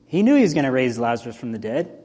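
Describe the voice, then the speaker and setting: A male pastor giving a conversational, animated sermon, swinging between loud and soft. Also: medium pitch, fast talker. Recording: long hall reverb.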